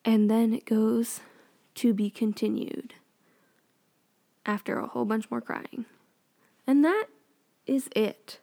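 Sarcastic young woman with vocal fry. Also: a little high, measured pace, dark tone. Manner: sarcastic and opinionated. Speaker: vlogger recapping a TV show. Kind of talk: casual chat.

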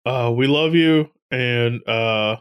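A man's voice: mid-range voice, slow pace, clean tone, dry recording, dull audio. A man co-hosting a podcast, chatting casually, laughing often and earnestly asking listeners to share the show. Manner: laughs a lot, earnest asides. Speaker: podcast co-host. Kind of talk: casual chat.

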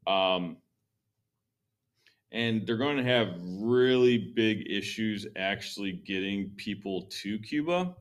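Casual low-voiced man explaining history. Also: takes it slowly. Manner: relaxed, conversational, many ums and likes. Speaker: history podcast host.

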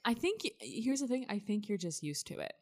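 A woman's voice: medium pitch, sing-song, fairly quick, a little mellow. A woman co-hosting a podcast in casual chat, joking, swearing and teasing as she recaps a TV episode. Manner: joking, profane, playful teasing. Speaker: podcast co-host.

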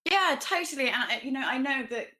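A woman's voice: high-pitched, expressive, fairly quick, bright, forceful tone. A woman co-hosting a casual discussion, informal and chatty, with plenty of "like" fillers. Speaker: podcast co-host.

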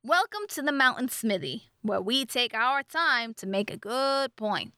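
Sleepy laid-back little smith guy, woman putting him on, a bit raised and slow, grumbly, dry audiobook sound. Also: a little high, animated, sharp tone, clear, resonant tone, no room sound. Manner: drowsy, offhand, grumbling. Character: sleepy, easygoing small male blacksmith owner.

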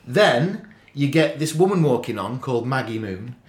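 A man's voice: medium pitch, very animated, normal speed. A man hosting a casual watch-along chat, rambling, joking and swearing freely. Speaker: podcast host. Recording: roomy echo.

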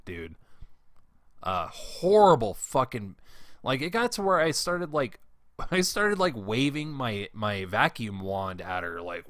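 A man's voice: lowish voice, lively intonation, a little slow, a bit bright, dry recording. Heated, foul-mouthed man ranting. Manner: profane, rambling, heated. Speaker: former school janitor telling work stories. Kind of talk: casual storytelling monologue.

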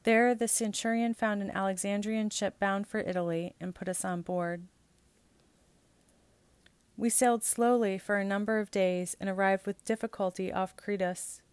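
A woman reads scripture passages and canticles aloud at a measured, steady pace, in a liturgical reading style. The sound is dry and close, with no room echo. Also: mid-range voice, clear, resonant tone. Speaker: scripture reader.

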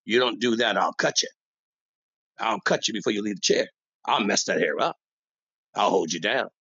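A bossy old barber voiced by a man holds court in his shop, rambling and bragging in street talk. His pitch swings lively up and down. The recording is dry and dull, with a lo-fi edge. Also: normal speed, breathy edge, no room sound, exaggerated voice. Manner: boastful, rambling, street-talking. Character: bossy old-school veteran male barber, shop owner. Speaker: barbershop owner. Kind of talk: comic character monologue.

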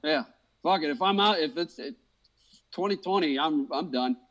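Guy with a slightly high voice, swears nonstop, blunt ranty podcast chat. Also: normal speed, fairly bright tone, dull audio. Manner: blunt, heavy swearing, ranting. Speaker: podcast co-host. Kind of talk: casual profane chat.

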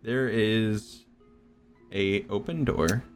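A man narrating a tabletop game as its game master, describing the scene in a slow, measured way. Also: on the low side, faint music behind.

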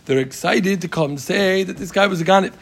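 Man, high voice, gravelly, Talmud class leader, animated, repeats and acts out cases. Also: fairly quick. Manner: animated, excitable, explains by repeating and acting out cases. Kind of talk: lively Talmud study session.

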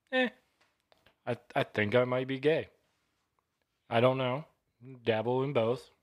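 A man in a casual podcast chat, rambling through a story with lots of "like" and "I mean". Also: mid-range voice. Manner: rambling, filler-heavy, says "like" a lot.

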